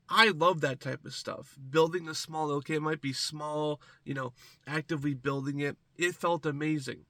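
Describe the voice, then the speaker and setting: A man's voice: on the high side, pushed and bright, dry recording. A man with a congested, stuffy voice, chatting casually as a gaming commentator and rambling to his viewers from a small closet. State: congested from a cold.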